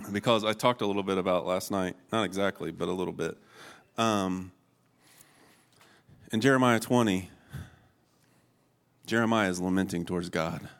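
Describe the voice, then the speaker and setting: A man's voice: deep voice, creaky. A man in his forties preaching a sermon, earnest and emotional, often breaking into laughter and restarting his sentences. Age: 40s.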